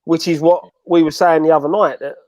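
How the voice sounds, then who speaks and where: High-pitched bloke, chatty and dry-sounding, calling in over video from home. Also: male voice, fairly even intonation, fairly quick, dark tone, no room sound. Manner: chatty, repeats himself as he talks. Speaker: regular panelist. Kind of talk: casual chat. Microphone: video call from home.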